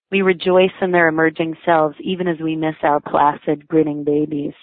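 A woman's voice: low voice, little pitch movement, moderate pace, no room sound. A woman reading her own personal essay aloud, in a wry, self-mocking, lightly amused way. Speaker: writer reading her own blog entry. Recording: dry, tinny phone-like sound.

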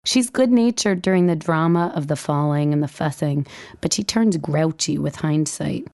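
A woman reading her own first-person essay in a wry, dryly humorous way. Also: moderate pace. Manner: acts out dialogue with lively pitch jumps. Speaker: writer reading her own blog entry.

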